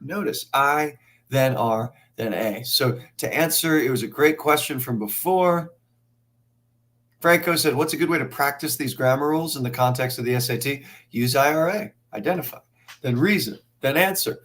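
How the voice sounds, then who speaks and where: A man teaching a live online test prep class, thinking out loud through questions with energetic asides to his viewers. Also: mid-range voice, moderate pace.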